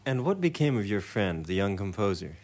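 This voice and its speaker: Man asking calm interview questions. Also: lowish voice, brisk. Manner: short, calm follow-up questions.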